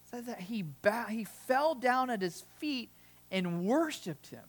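A woman's voice: fairly high pitch, lively intonation, a little slow. A woman preaching a sermon in a conversational way, with frequent restarts and asides.

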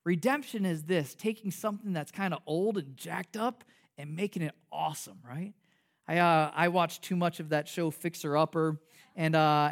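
A man preaching a conversational sermon as pastor. He jokes, asks rhetorical questions, and restarts his sentences a lot. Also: a little high. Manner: animated, joking, rhetorical questions; frequent fillers and restarts.

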